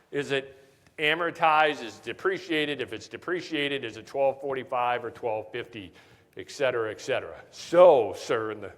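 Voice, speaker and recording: A man presenting a live tax seminar at a conference, telling jokey stories and often checking in with "right?". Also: medium pitch. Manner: jokey, storytelling, keeps asking "right?". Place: conference hall. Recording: reverberant conference hall.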